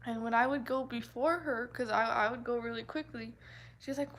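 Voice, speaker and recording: A woman's voice: a little high, steady tone, normal speed, fairly bright tone, poor audio. A woman chatting casually with her viewers, laughing often and acting out what people said. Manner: giggly, laughs often, acts out quotes. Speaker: livestream host chatting with viewers. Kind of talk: casual chat.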